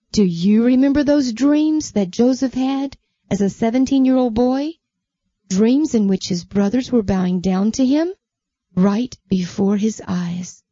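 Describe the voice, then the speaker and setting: A woman telling a Bible story to children, gently asking them questions along the way. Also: a little high, dry recording, highs cut off.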